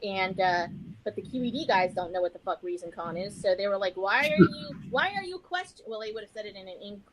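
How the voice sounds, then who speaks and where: A woman's voice: mid-range voice, quick pace, low-quality recording. A woman as a podcast guest, chatting in a rambling, self-deprecating way. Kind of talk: casual chat.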